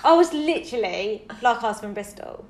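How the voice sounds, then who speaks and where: A British woman trades stories on a casual podcast. Her delivery is animated, full of laughs and quick impressions. Her voice sits a little high, and the room rings around her. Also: roomy sound. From Britain. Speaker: podcast co-host. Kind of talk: casual chat.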